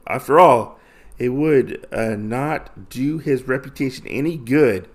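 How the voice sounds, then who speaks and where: A man's voice: medium pitch, gravelly. A man hosting a podcast, casually retelling a comic story with loose, enthusiastic phrasing and many fillers. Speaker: podcast host. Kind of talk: casual comic book recap.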